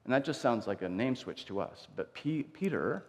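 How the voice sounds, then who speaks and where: A man's voice: medium pitch, lively intonation, moderate pace. A man preaching a sermon, telling the story in a conversational way and acting out the quotes. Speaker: pastor. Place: church sanctuary. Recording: long church reverb.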